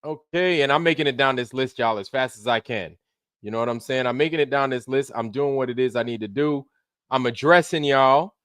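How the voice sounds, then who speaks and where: With a medium-pitched, fairly bright, clear and resonant voice, this man speaks briskly in studio-quality audio with no echo. He's a livestream host from Brooklyn, New York, casually greeting viewers with profane, loose talk and put-on voices.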